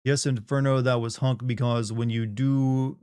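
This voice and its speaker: A man's voice: medium pitch, flat delivery, measured pace, warm tone, clear, resonant tone, dry recording, clean studio sound. A middle-aged man from the Southern United States chatting casually on a live stream, rambling, joking and reading chat aloud.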